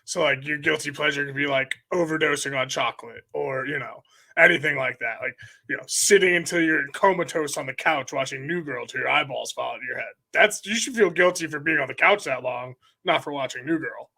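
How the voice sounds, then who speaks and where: A man's voice: on the high side, fairly quick, gravelly, bright, forceful tone. A man co-hosting a casual podcast with easygoing, playful banter. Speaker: podcast co-host.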